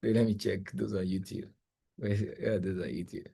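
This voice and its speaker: A young man, coaching traders live while sharing his screen, talking in an excitable, exclamatory, rambling way with lots of repeats. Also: deep voice, moderate pace, creaky, slightly rough. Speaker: trading coach. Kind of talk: live screen-share trading analysis.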